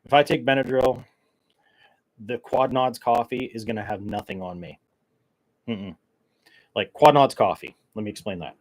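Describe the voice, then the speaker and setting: A podcast host rambles and jokes through a casual solo chat, sounding caffeine-wired and full of fillers. His medium-pitched voice has a darkish tone and a moderate pace broken by long pauses, and the audio quality is poor.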